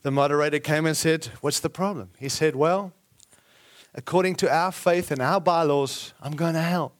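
At a moderate pace, a high-voiced male preacher tells his sermon as an energetic story. He performs the quoted lines and often stops to add a side remark or fix what he just said.

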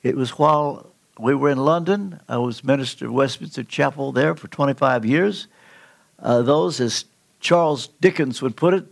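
An older man preaching a sermon in a church, telling a personal story with earnest, slow, emphatic pauses. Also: mid-range voice, vocal fry. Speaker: pastor. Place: church sanctuary.

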